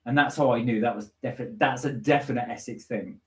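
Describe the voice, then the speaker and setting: A man's voice: mid-range voice, fast talker. A man from Somerset co-hosting a live stream, chatting casually, reading out viewer comments and telling stories. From Somerset, England. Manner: chatty storyteller who mimics other people's voices. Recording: echoey room.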